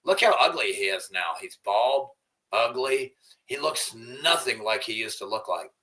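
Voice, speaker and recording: A man with a low voice and a sharp, forceful edge rants at his viewers, swearing constantly. He streams from home and shifts between grumbling and loud outbursts of anger. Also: animated, measured pace. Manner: angry, profane ranting. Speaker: livestreamer. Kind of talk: livestream rant and chat.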